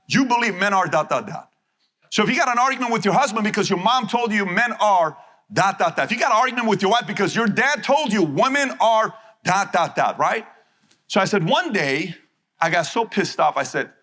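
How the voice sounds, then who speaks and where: Bright, punchy male motivational speaker. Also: high voice, big pitch swings. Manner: emphatic, acts out dialogues in quick back-and-forth. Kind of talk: live talk to an audience.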